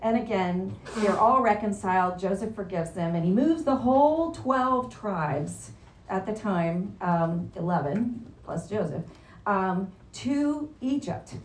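A woman's voice: mid-range voice, expressive, slow pace. A woman teaching a casual Bible lesson, chatty and quizzing her class as she goes. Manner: chatty, asks the class questions. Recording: roomy echo, faint background noise.

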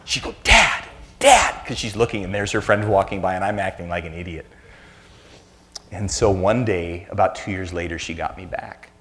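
A man's voice: low voice, fairly even intonation, a little fast, noisy background. A man in his fifties, a church speaker giving a conversational sermon full of self-deprecating family anecdotes.

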